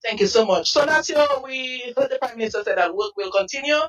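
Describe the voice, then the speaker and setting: A woman news reporter conducting a field interview, asking polite, gently guiding questions. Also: on the high side, a little fast, lo-fi sound. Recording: distant mic.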